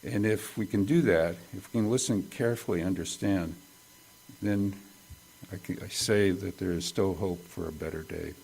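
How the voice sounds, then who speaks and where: A male pastor giving a conversational sermon at a church service, folksy and quick to joke about his own slips. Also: sits low, creaky, darkish tone, husky.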